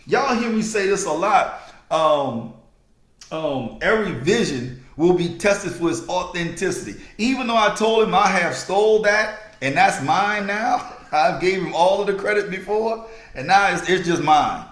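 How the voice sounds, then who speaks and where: Male podcast host, high voice, slow and sermon-like, echoey room. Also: expressive, a bit bright. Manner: preacher-like, repeats key lines slowly for emphasis. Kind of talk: motivational podcast talk.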